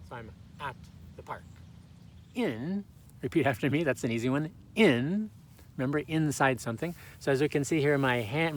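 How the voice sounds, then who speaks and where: A man teaching English, with clear, deliberate repeat-after-me drills. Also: fairly high pitch, background noise. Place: outdoors in a park.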